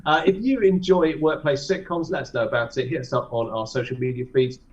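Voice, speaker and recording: A man's voice: medium pitch, a little fast. A man hosting a casual podcast chat, swearing freely as he wraps up the show. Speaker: podcast host. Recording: distant, dull mic sound.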